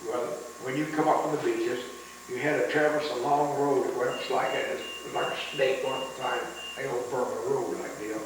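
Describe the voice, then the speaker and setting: A man's voice: mid-range voice, steady tone, moderate pace. An older man, a veteran, telling his war stories in a rambling oral history interview, full of restarts. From United States. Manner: rambling storytelling with many restarts, chuckling at the memories. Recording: roomy, distant mic with faint hiss.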